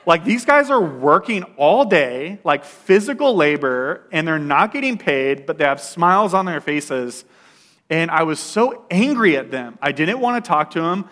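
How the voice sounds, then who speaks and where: A young man sharing a personal testimony in a casual storytelling style, full of "like" fillers and animated retelling. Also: on the high side, unhurried.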